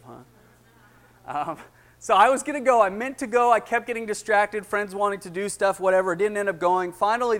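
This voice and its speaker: A young man giving his testimony in a sermon, acting out the people in his story, excited at times and hushed at others. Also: mid-range voice. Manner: animated storytelling, acting out dialogue, rising excitement then hushed.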